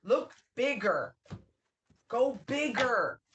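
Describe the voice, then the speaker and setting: A woman giving a casual spiritual tarot reading, emphatic and outspoken. She repeats her phrases, swears freely and breaks into excited whoops. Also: a little high, very slow, dull audio, background noise. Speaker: tarot reader.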